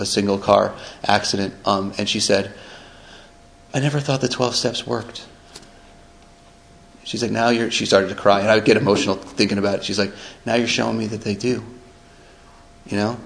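A man's voice: fairly low pitch, poor audio. A man sharing a personal recovery story in a rambling, conversational way, with many restarts and frequent tag questions. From upstate New York. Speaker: recovery speaker.

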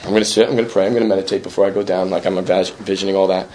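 Very fast and low, with little pitch movement, his voice is a little mellow over a slight hiss or hum. A recovering alcoholic sharing at a meeting, he talks earnestly and self-deprecatingly about recovery, repeating himself in a conversational way and often asking "right?".

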